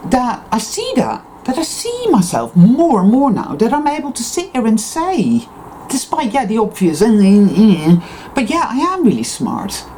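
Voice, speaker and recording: A woman's voice: on the high side, huge pitch swings, a little slow, warm tone, slight background noise, poor audio. A woman in an unscripted personal monologue, speaking intensely and emphatically, often swearing. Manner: emphatic, intense and profane self-affirmation. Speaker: spiritual vlogger.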